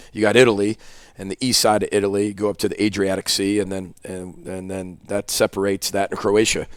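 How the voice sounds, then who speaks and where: Animated man telling a story. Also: on the low side, dry recording, studio quality. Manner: animated storyteller, acts out dialogue. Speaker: head football coach, guest. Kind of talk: casual storytelling in podcast interview. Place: podcast studio.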